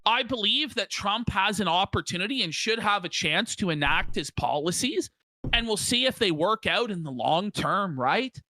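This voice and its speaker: A man's voice: high voice, expressive, moderate pace, pushed and bright, rough recording. A man arguing heatedly in a played debate clip, lecturing his opponent. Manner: argumentative, lecturing. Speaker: debate guest.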